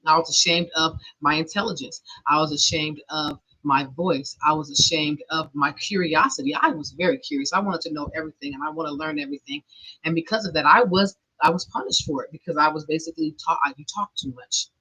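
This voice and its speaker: A woman's voice: low voice, a little fast, pushed and bright, slightly rough. A middle-aged woman hosting a podcast, telling a personal story in an earnest, emotional way with nervous laughs, on a dull lo-fi recording. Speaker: podcast host. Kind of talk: personal monologue.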